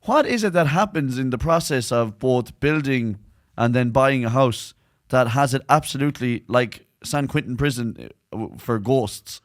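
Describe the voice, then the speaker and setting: An Irish man co-hosting a podcast, full of banter and loose, rambling anecdotes. His voice sits at an ordinary middle pitch, and he swears freely in easy chat. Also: expressive, normal speed. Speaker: podcast co-host. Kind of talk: casual chat.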